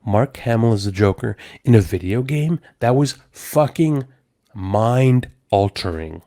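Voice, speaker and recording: A man's voice: medium pitch, unhurried. A man hosting a casual podcast chat with friends, telling a story with lots of swearing and acted-out quotes. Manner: animated storyteller, swears a lot, acts out quotes. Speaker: podcast host.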